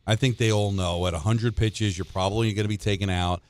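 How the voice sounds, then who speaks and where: A man's voice: lowish voice, a little fast, dry recording, clean studio sound. A man co-hosting sports talk radio, telling stories with lots of restarts and repeated words. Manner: animated storyteller, repeats words when starting.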